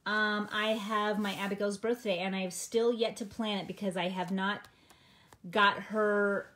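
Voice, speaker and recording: A woman's voice: mid-range voice, a little hiss or hum. A middle-aged woman hosting a live stream, chatting in a bubbly, gushing way. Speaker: planner community host. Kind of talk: casual live-stream chat. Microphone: phone camera.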